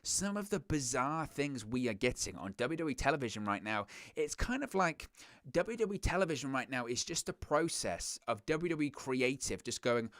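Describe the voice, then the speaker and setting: A man's voice: mid-range voice, lively intonation, fairly quick, a bit bright, no room sound, clean studio sound. A man hosting a wrestling reaction show, ranting in a sarcastic, exasperated way. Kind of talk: casual reaction commentary.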